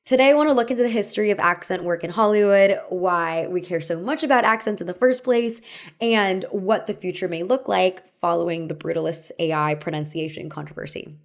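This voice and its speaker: Young woman reading her video essay script, wry and chatty, kinda low voice. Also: fairly quick. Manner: wry, conversational, laughs at own asides.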